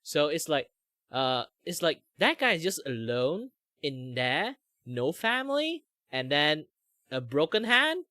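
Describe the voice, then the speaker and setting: Ein junger Mann mit malaysischem Akzent, der im lockeren Plauderton abschweift, oft „like“ einstreut und lebhaft Stimmen nachmacht. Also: male voice, on the high side, slow, no echo, studio quality. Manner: rambling, many "like" fillers, animated impressions. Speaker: streamer host. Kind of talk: casual chat while drawing.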